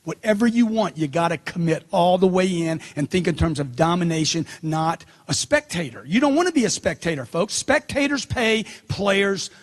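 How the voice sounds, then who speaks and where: Husky, forceful male seminar speaker. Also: sits high, normal speed, hardly any pauses. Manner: forceful, preachy, asks the crowd questions. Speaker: motivational speaker. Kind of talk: motivational seminar talk.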